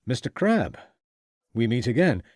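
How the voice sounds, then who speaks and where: A calm, courteous gentleman investigator in a period mystery audiobook, as a narrator voices him. He speaks evenly and politely, with a measured, composed delivery. The recording is dry and close. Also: mid-range voice, no echo. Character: calm, courteous Victorian detective.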